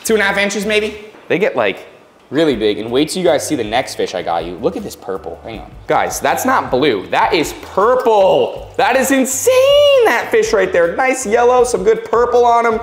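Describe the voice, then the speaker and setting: Man, somewhat high voice, enthusiastic, repeats words, vlog host, echoey. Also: sing-song, brisk. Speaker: fish channel host. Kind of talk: casual upbeat vlog chat.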